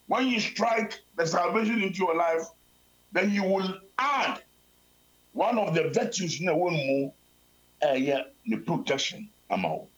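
Male preacher, slightly high voice, mixes Twi and English in sermon delivery. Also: lo-fi sound.

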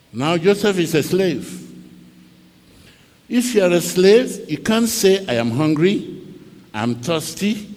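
Slow, lively Ghanaian preacher in a hall. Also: male voice, fairly high pitch. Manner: dramatic storytelling, switching between English and Twi, acting out cries. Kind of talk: sermon. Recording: long reverb of a large hall.

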